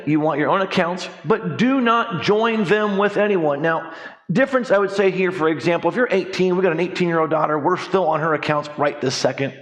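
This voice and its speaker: A man in his forties, a financial coach teaching a church class in a conversational way, telling stories and acting out quoted voices with jokes. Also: high voice. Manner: lively storyteller, acts out quoted voices, jokes. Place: church hall.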